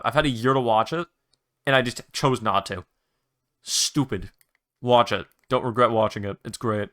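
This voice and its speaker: Young male solo podcast host, bright tone, loose rambling delivery, casual swearing. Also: on the low side, clear, resonant tone. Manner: rambling, restarts, mild swearing, enthusiastic recommendations.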